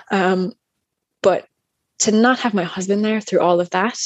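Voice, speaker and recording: A young woman chatting casually as a guest, recounting a personal story with lively, acted-out quotes and plenty of fillers. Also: mid-range voice, measured pace, no echo, muffled recording. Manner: animated, acts out other people's lines; chatty with many fillers and restarts.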